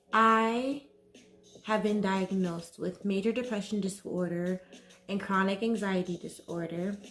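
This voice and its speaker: A woman vlogger talking to camera about mental health, nervous and slow, halting often and saying "like" a lot. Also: mid-range voice. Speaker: wellness vlogger. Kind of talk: casual talk to camera.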